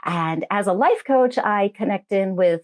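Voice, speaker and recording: A middle-aged woman, a medium and life coach, hosting a casual spiritual talk show, chatting warmly with viewers and laughing easily. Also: mid-range voice, expressive, unhurried. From United States.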